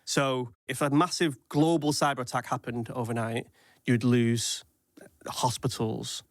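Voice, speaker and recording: A man talks through online security in a chatty podcast, laying things out as quick practical lists. His voice sits in an ordinary middle register, recorded close and dry. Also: mid-range voice, flat delivery, dry recording. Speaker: cyber security expert guest. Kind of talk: casual podcast chat.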